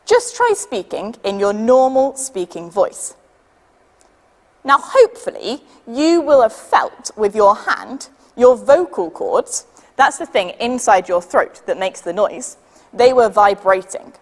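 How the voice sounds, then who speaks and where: A woman with a British accent leading a children's science demonstration, patient and lively, counting down for the audience to join in. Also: fairly high pitch, takes it slowly, long reverb tail. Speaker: science workshop leader.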